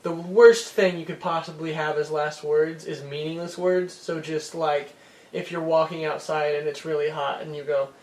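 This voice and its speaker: A man's voice: on the high side, steady tone, normal speed. A man co-hosting a podcast, telling an anecdote in casual chat and acting out the quoted lines. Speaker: podcast co-host. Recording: echoey room.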